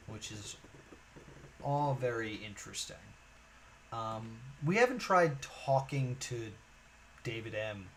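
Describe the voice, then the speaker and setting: Man, mid pitch, musing and hesitant puzzle streamer at a desk mic, faint room hum. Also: sing-song, takes it slowly, long pauses, fairly bright tone, low-quality recording. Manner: musing, hesitant, many fillers. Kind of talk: thinking aloud while solving a puzzle game.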